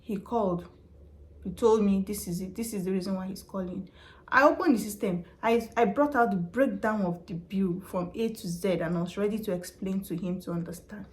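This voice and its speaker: Brief: woman, vlogger, casual emphatic advice, mid pitch. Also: moderate pace, a little hiss or hum. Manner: chatty and emphatic, repeats points. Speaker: vlogger and customer service worker.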